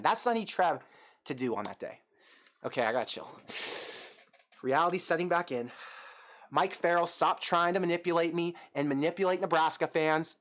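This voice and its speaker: Excitable rambling male sports host. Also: a little high. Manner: excitable, rambling, self-mocking. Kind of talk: casual sports talk rant.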